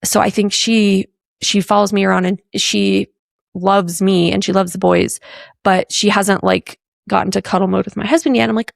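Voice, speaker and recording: Woman host in her forties, heavy vocal fry, dry close sound, loose rambling chat. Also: medium pitch, normal speed, no echo. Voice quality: gravelly. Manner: chatty, rambling, lots of "like" and "right?". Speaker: podcast host. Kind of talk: casual solo podcast chat.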